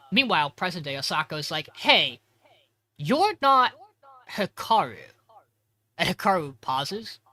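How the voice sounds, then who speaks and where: A man's voice: a little high, bright, forceful tone. A man co-hosting a podcast, recapping an episode in a rambling, profane way that keeps correcting itself. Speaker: podcast co-host.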